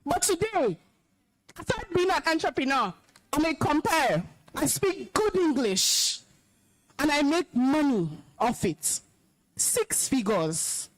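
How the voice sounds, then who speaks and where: At a school event, a young Nigerian alumna delivers a stern, emotional talk to schoolchildren, commanding and scolding them. Her voice is high-pitched and very animated, and her pace is measured.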